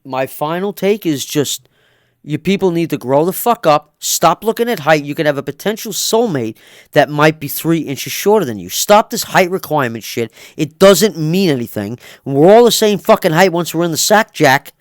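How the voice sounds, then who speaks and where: Loud, swearing man. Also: a little high, animated, moderate pace. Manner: loud, blunt, swearing constantly. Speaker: interview guest. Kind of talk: profane ranting storytelling.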